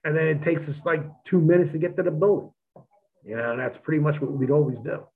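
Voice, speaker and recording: A man telling profane, animated stories about his days as a wrestler in a casual chat. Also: fairly high pitch, quick pace. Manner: profane, animated, acts out quotes of others. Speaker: podcast guest, former wrestler. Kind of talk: casual storytelling. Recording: tinny phone-like line.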